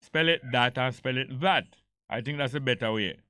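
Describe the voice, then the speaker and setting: A man with a Jamaican accent hosting a radio talk show, his voice very bright and crisp in a dry studio booth. He tells stories with ease and drifts between patois and English. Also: medium pitch, moderate pace, no room sound. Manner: storytelling, mixing patois and English. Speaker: radio host. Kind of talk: casual talk radio discussion.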